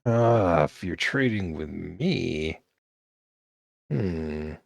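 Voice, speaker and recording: A man's voice: sits low, animated, very slow, creaky, no echo, clean studio sound, exaggerated voice. A man voicing a small, sly male merchant with a wheedling sales patter.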